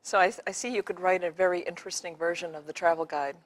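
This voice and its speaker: A woman's voice: lowish voice, steady tone, fast talker. A woman hosting a music show, chatting with her guest and encouraging him with brief reactions and questions. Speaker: show host. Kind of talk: interview chat.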